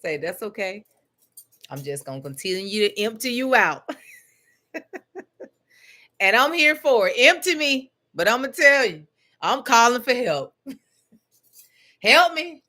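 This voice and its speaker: A woman leading a spoken prayer and meditation, laughing often as she talks aloud to God, then settling into a slow, soothing cadence. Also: a little high, very animated, sharp tone. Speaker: spiritual teacher.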